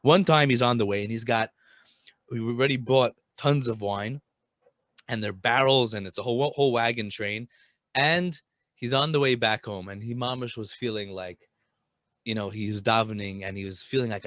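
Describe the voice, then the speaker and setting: Male storyteller, mid-pitched, casual and rambling, dry close mic. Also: normal speed, fairly bright tone, no echo. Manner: informal, with frequent restarts and Yiddish terms.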